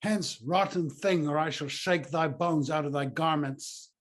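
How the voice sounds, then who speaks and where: A man's voice: a little high, a little slow, close to an everyday voice. A man playing a scornful proud warrior. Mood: threatening. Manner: scornful, declamatory. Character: proud fierce Roman general, contemptuous. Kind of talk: stage play reading.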